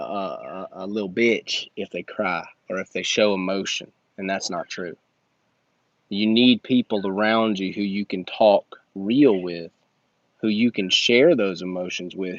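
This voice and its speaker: A man's voice: fairly low pitch, no room sound. A man hosting a blunt, emphatic motivational monologue, talking straight at the listener like a coach. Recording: dull lo-fi recording.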